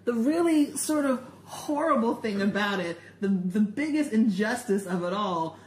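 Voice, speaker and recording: A woman's voice: mid-range voice, expressive, moderate pace. A woman in casual banter with a co-host, laughing often while telling stories animatedly. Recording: roomy echo, faint ambient noise.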